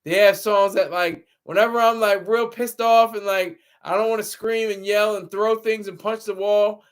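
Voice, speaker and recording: A high-pitched man speaks at a moderate pace with a steady, clear, resonant tone. Hosting a casual livestream through a laptop camera mic, he rambles, laughs often, and answers his chat.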